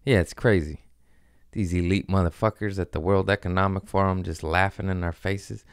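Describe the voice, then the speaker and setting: A man with a deep, smooth and resonant voice talks in a loose, rambling podcast chat. He swears freely but stays earnest, circling his thoughts as a comedian guest. The sound is close and dry with no room around it. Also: fairly even intonation, moderate pace, dry recording.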